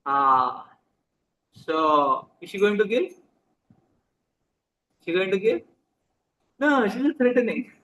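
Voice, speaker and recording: A man's voice: sits high, sing-song, slow, long pauses, sharp tone, poor audio. A man with an Indian accent giving a conversational sermon, often asking his listeners questions and slipping into Hindi. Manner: conversational, asks the audience questions, mixes in Hindi. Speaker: spiritual teacher. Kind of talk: sermon to a live audience.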